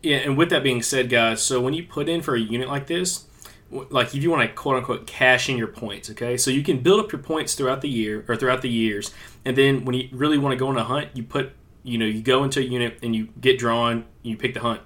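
A male podcast co-host talks through a hunting story in a relaxed, casual way. His voice is bright and forceful, and he keeps turning to the listeners as he tells it animatedly. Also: medium pitch, brisk.

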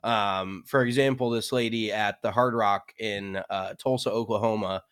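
A young man co-hosting a podcast in relaxed, chatty conversation. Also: fairly low pitch, moderate pace, smooth. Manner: relaxed and chatty, frequent fillers. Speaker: podcast co-host. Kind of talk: casual chat.

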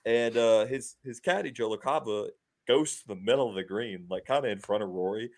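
A man with a low voice hosts a sports podcast. He recaps the weekend's games cheerfully, laughing often and using lots of fillers. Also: brisk, a little mellow. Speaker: podcast host. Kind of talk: casual sports chat.

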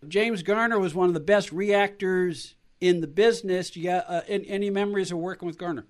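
High-voiced male radio host. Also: fairly even intonation, fairly quick. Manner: conversational, asks long lead-in questions. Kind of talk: radio interview.

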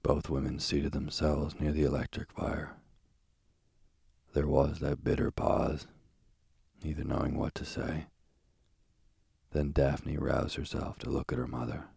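A man narrating a literary audiobook in a measured, solemn reading. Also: very deep voice, flat delivery, gravelly, darkish tone, husky, no echo, clean studio sound.

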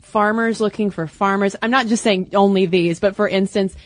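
A woman's voice: medium pitch, fairly even intonation, moderate pace, no echo. A young adult woman co-hosting a podcast, chatting casually and playfully, often laughing. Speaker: podcast co-host. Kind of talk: casual chat.

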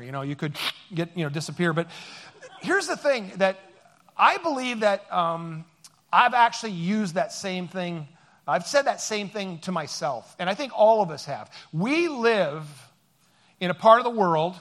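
A man's voice: high-pitched, a bit bright. A man giving a conversational sermon as pastor, joking and rambling with many fillers.

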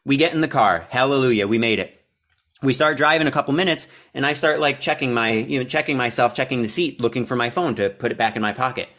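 A man's voice: medium pitch, fast talker, fairly bright tone. A young man co-hosting a podcast, telling a long story in a casual, profane and exasperated way and poking fun at himself. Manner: profane, self-deprecating, exasperated. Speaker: podcast co-host.

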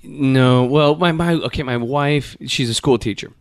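A middle-aged man hosting a casual podcast, rambling through stories and squeaking out quoted lines. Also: unhurried, dry recording, studio quality. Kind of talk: casual banter.

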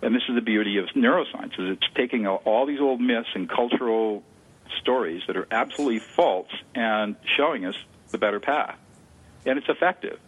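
A man's voice: mid-range voice, fairly quick, fairly bright tone, breathy edge. A man speaking as an interview guest, explaining a listening technique with enthusiasm and repeating words for emphasis. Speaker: guest expert on conflict de-escalation. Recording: tinny phone line.

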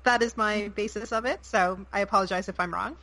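Bright-voiced canadian host, apologetic. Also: female voice, medium pitch, brisk, rough recording. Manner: apologetic, hedging, many ums. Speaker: podcast co-host. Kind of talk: casual chat, reading listener questions.

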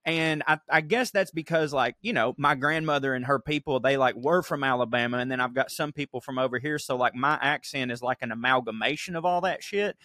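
A Georgia man with a Southern accent chatting as a podcast co-host, jumping in with eager agreement. His voice is bright and forward, recorded dry and close. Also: medium pitch, a little fast, hardly any pauses, no room sound. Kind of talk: casual chat.

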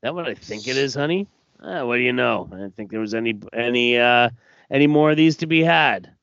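A man's voice: mid-range voice, fairly quick, vocal fry, a bit bright, dry recording. A man voicing a crass, brawling male alien bounty hunter, reading his crude taunts aloud in a sneering way. The recording is dull and dry.

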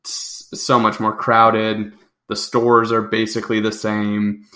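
A man's voice: fairly low pitch, completely flat delivery, slow pace, pushed and bright. A young adult man co-hosting a podcast, chatting casually and rambling with frequent self-corrections. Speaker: podcast co-host. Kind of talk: casual chat.

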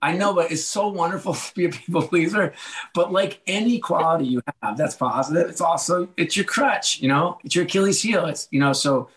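A middle-aged man talking as a guest in a casual interview, telling animated stories and acting out quoted lines with a laugh. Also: on the high side, fairly quick. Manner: animated storyteller, acts out quoted dialogue with a laugh. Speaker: podcast guest, author and former sports executive.

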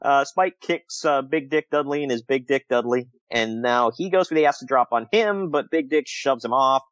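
A man's voice: mid-range voice, normal speed, no room sound, rough recording. A man co-hosting a casual podcast, recapping old wrestling shows, laughing often and acting out quotes. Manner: laughs often, animated retelling with quoted asides. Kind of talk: casual chat.

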